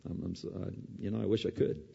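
Man in the pulpit with a mellow, slightly husky low voice, preaching in a chatty way with emphatic swells, recorded dull in an echoing hall. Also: steady tone, fast. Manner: conversational preaching, rising to emphatic peaks, then dropping to soft asides. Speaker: pastor. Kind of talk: sermon. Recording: dull lo-fi sound with long hall reverb.

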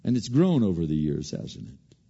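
A man preaching a sermon, animated, swinging from loud emphasis to hushed asides and often repeating words as he restarts. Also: low-pitched, normal speed, creaky, slightly rough, big-room sound, muffled recording.

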